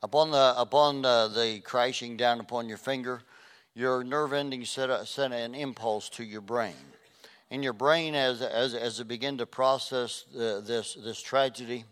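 A middle-aged man preaching a sermon, swinging between loud emphatic passages and soft, hushed ones. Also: medium pitch, fairly even intonation, moderate pace, smooth.

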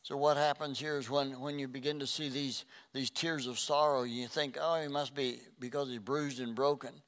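A man's voice: medium pitch, steady tone, moderate pace, fairly bright tone, clean tone. A man preaching a sermon, earnest, often repeating phrases and stumbling over old scripture words. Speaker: pastor.

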